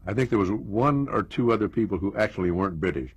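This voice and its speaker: A man's voice: lowish voice, lively intonation, fast talker, husky, no room sound. An older American man reminiscing in an interview, telling stories with chuckles and asides. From United States. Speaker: interview guest.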